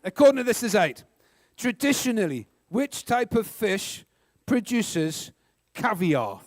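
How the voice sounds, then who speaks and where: A man with a New Zealand accent hosting a live school quiz, brisk and joking, with sarcastic asides between questions. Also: high voice, big pitch swings, no echo, studio quality. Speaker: quiz host.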